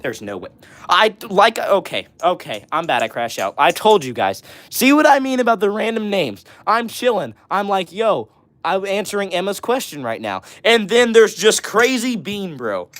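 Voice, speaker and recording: A man with a fairly high voice hosts a casual live stream, reading out viewer messages and replying on the fly. He is excitable and jokey, and he often laughs. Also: normal speed.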